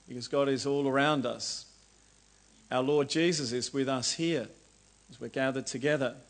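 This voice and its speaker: A man preaching a sermon in an earnest way, lifting his voice for the words he quotes. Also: medium pitch. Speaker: lay preacher.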